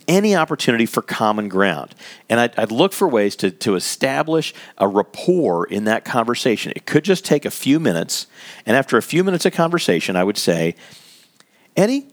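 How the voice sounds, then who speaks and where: A man giving an instructional talk on workplace conversations, speaking conversationally and acting out scenarios. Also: mid-range voice. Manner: conversational, explains with acted scenarios, laughs lightly. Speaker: workplace communication trainer.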